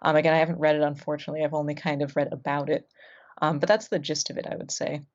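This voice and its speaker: A woman's voice: sits low, little pitch movement, very fast. A woman hosting a podcast in casual chat, musing aloud with many ums. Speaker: podcast host. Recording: dull lo-fi sound.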